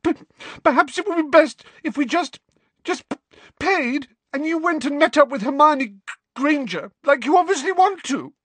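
A man's voice: expressive, normal speed, a bit bright, no room sound. A man voicing a jealous teenage schoolgirl who stammers through sobs. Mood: shrill, hurt. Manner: sobbing, stammering, shrill.

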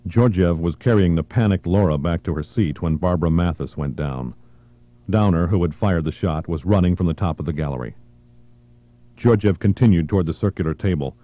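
A man reading a thriller audiobook in a measured, even narration. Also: sits low, dry recording, dull audio.

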